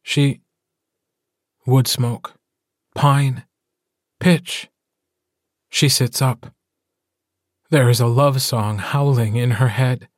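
Male audiobook narrator, calm and measured, unhurried; dry booth sound. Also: medium pitch, no echo. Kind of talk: scripted narration.

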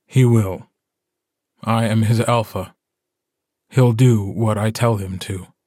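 A man's voice: lowish voice, steady tone, takes it slowly, mellow, no echo, studio quality. A man voicing a weary, stubborn young man who leads a wolf pack, speaking firmly in an audiobook. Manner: weary, firm. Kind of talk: audiobook character voice.

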